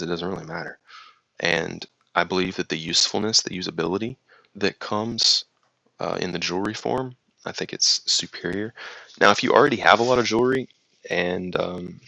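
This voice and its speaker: Man, slight southern accent, low gravelly voice, bright tone, dry close sound, casual rambling chat. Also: no room sound, rough recording. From United States. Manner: rambling, reads viewer comments aloud then reacts. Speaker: livestream host reading chat.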